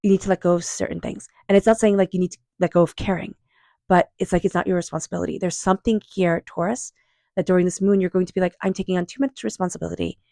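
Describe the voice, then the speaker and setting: A woman doing a tarot reading, speaking in a calm, unhurried, affirming way and softly repeating invocations. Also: fairly low pitch, vocal fry, dry recording, studio quality. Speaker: tarot reader. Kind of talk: tarot card reading monologue.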